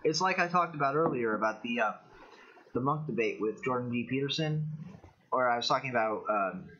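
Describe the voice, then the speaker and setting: With an animated, mid-range, pushed and bright voice that runs a little fast, a young Californian-accented man from the US hosts a casual political livestream. He rambles with opinions and answers chat, and the stream audio is dull and lo-fi.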